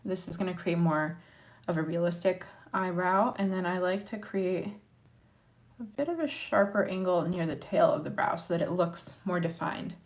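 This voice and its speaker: A woman's voice: fairly low pitch, normal speed. A young woman from Montana chatting to her viewers in a casual makeup tutorial, encouraging and talking while she works. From Montana, USA. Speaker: makeup vlogger.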